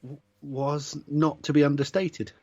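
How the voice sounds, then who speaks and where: A man co-hosting a casual chat, measured and dryly teasing. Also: fairly high pitch, level tone, warm tone, highs cut off. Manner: measured, dry teasing, chuckles. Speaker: podcast co-host.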